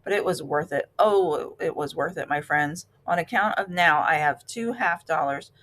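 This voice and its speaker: A woman voicing a fussy, stingy male mouse in a storybook reading, talking in a high, pitiful, theatrical way. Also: moderate pace, fairly bright tone. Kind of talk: storybook read-aloud.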